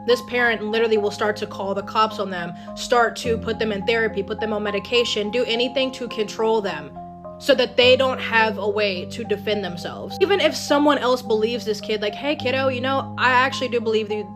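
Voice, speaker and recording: A woman delivering an angry, blunt monologue and swearing freely. Her voice sits a little high. Plucked guitar music plays clearly underneath. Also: brisk.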